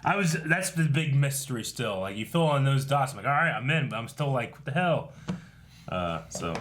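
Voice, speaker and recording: A man hosting a casual reaction chat, animated and laughing often as he acts out quotes. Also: medium pitch, fairly quick. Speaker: show host.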